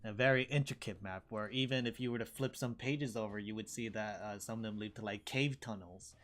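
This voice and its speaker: A man narrating a tabletop game as dungeon master in a relaxed, chatty way. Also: lowish voice, brisk.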